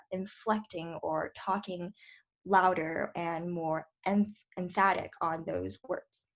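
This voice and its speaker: A young woman debate coach giving a casual lecture, full of fillers like "like" and "um". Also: lowish voice. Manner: chatty, filler-heavy, lots of "like" and "um".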